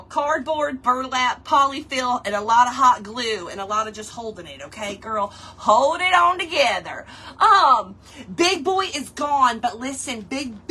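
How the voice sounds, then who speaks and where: A woman's voice: fairly high pitch, bright, forceful tone, a little hiss or hum. A woman hosting a casual craft tutorial, chatting playfully with her viewers as she works. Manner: playful, chatty, talks straight to viewers and chat, laughs often.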